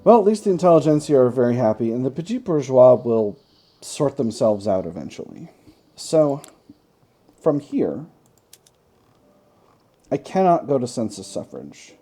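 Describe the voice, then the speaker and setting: A man's voice: mid-range voice, very animated, moderate pace, long pauses, mellow. A man hosting a gaming channel, chatting through a strategy game, thinking aloud with wry self-mocking asides.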